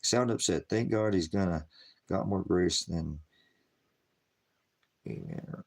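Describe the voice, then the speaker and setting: On a livestream, a man with a low, gravelly voice preaches slowly while berating viewers in his chat. He swears constantly and swings between shouting and muttering.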